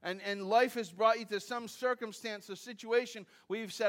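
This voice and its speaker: A man's voice: high-pitched, moderate pace, hardly any pauses. A man preaching a sermon in a conversational way, with asides and self-deprecating humor, often repeating phrases and restarting as he builds his points. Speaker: pastor.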